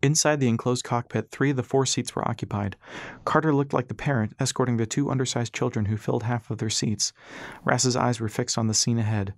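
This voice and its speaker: A man reading an audiobook as narrator, in a steady storytelling manner. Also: medium pitch, fairly quick, no room sound, studio quality.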